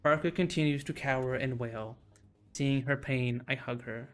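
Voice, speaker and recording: A man's voice: medium pitch, steady tone, moderate pace, a bit bright, soft background music. A man streaming, reading a visual novel's narration aloud in a casual way, often restarting and stumbling over words.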